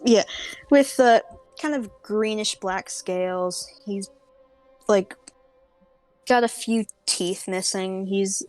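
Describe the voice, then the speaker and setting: Slow-talking woman game master, casual delivery, faint music behind. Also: mid-range voice, darkish tone. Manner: casual, lots of filler words. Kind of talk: narrating a tabletop game.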